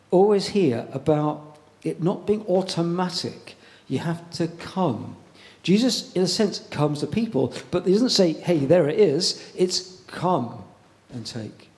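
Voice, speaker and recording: A man preaching a sermon in a conversational way, pausing often and repeating words as he goes. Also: on the high side.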